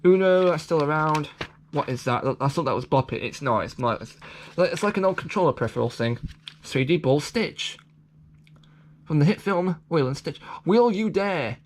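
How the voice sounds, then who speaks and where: A man's voice: a little high, expressive, moderate pace, slight background noise. A man rambling through a toy catalogue in casual commentary, stumbling over restarts and throwing in self-deprecating asides. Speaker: vlogger reviewing a toy catalogue.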